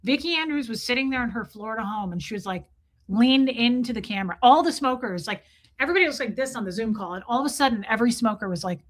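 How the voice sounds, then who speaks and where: A woman hosting a livestream, telling a wild story to her chat in an animated way, full of "like" and swearing. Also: on the high side, fast talker. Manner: animated, lots of "like" fillers and cursing. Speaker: livestream host. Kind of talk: casual storytelling to a live chat.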